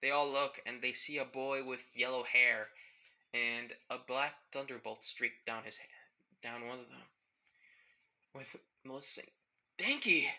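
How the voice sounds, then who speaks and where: A man improvising a fan-made story out loud, in a rambling, casual way with frequent chuckles. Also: medium pitch, flat delivery, unhurried.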